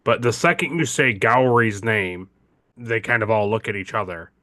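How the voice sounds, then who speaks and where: A man narrates a tabletop game as game master in loose, casual speech full of hedges. His voice is low but bright and forceful. The sound is dry and close to the mic. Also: normal speed, dry recording. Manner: casual, hedging with "like" and "kind of".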